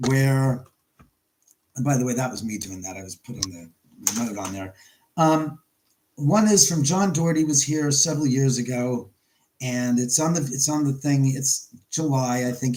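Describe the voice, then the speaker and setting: A man's voice: medium pitch, darkish tone, poor audio. A middle-aged man hosting a casual livestream from his house, telling rambling stories and answering viewers in the chat. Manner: rambling storyteller, reads chat aloud. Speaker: livestream host.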